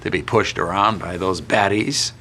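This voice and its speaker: A man's voice: deep voice, moderate pace, sharp tone, slight background noise. A man recalling a story in an interview, playful and given to laughing. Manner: playful, bursts into character voices. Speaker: cast member recalling a story.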